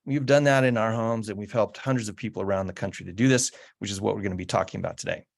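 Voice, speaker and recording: A man's voice: fairly low pitch, quick pace, creaky. Man explaining slides with restarts. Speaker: guest speaker on home electrification. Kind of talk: presentation over slides.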